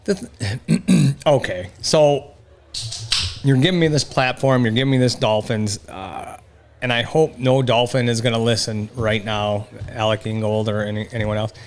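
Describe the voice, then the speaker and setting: A man's voice: medium pitch, fairly even intonation, normal speed, slight background noise. Emphatic man ranting on a podcast. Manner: emphatic, trails off and restarts when worked up. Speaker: podcast co-host. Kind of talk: casual chat.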